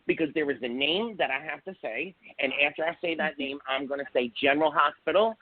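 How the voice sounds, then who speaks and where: A man co-hosting a casual chat about soap operas, talking excitedly with dramatic build-ups. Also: on the high side, brisk, few pauses. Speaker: co-host. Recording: tinny phone-line audio.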